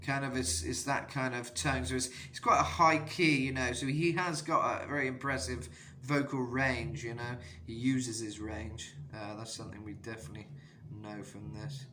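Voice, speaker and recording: A man's voice: medium pitch, normal speed, few pauses. A man giving a casual vocal analysis lesson as a coach, rambling with lots of fillers. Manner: rambling, filler-heavy, bursts into sung demos. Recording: steady background noise.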